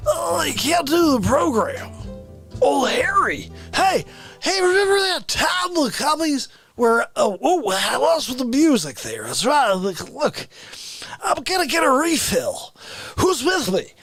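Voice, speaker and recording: A man doing an impression of a rambling, boozy old male baseball announcer, with loud, drawn-out shouting. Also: extremely high pitch, big pitch swings, faint music behind, pitched above the performer's own voice, exaggerated voice. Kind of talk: celebrity impression on a live comedy stream.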